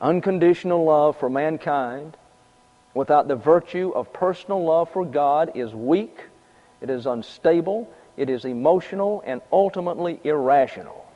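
A man's voice: a little high, normal speed. A man preaching a sermon in a conversational way, repeating his points and adding casual asides. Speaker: pastor. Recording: dull lo-fi sound with long reverb.

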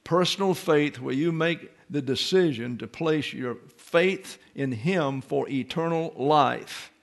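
A man delivering a Bible lesson in a methodical teaching voice. He reads passages aloud and works through them point by point. His voice is gravelly, with a fry to it and a slightly raised pitch. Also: slow pace. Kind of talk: sermon-style Bible lesson.

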